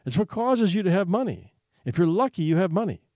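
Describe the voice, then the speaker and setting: A man voicing a bitter, weary mother, answering slowly with a raised, lively pitch. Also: dry recording, studio quality. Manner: slow, bitter, sighing replies. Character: bitter, weary adult mother worried about money.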